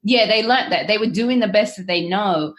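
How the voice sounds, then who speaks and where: A woman's voice: medium pitch, normal speed. A woman of Caribbean background hosting a podcast, chatting casually and laughing often. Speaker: podcast host. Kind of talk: casual interview chat.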